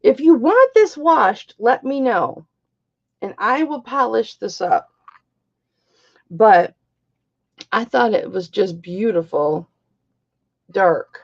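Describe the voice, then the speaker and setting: A woman's voice: on the high side, lively intonation, slow pace, long pauses, lo-fi sound. A middle-aged woman hosting a live-stream jewelry auction, chatty and bawdy, greeting viewers by name.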